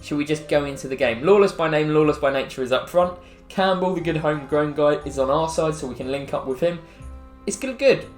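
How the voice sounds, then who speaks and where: A man's voice: fairly high pitch, brisk. English man, gameplay commentary, chatty, self-mocking, echoey room, faint music. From England. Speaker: gaming YouTuber.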